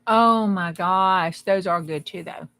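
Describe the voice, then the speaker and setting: A woman's voice: on the low side, takes it slowly, fairly bright tone. A woman hosting a live crafting stream, chatting casually and rambling with folksy humor. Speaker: crafting livestream host. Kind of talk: casual livestream chat.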